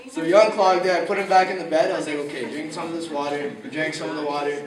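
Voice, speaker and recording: Amid crowd chatter in an echoey room with a distant mic, a young man with a highish voice talks fast and steadily, barely pausing. He's telling friends a casual anecdote, laughing often and acting out quotes with slang.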